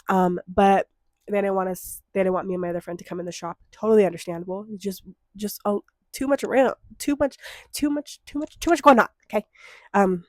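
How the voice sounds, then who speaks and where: A young woman in her twenties chatting casually to her viewers, swearing freely and slipping into mock-outraged rants between relaxed stretches. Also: on the low side, no room sound, studio quality. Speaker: vlogger. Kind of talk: casual chat to camera.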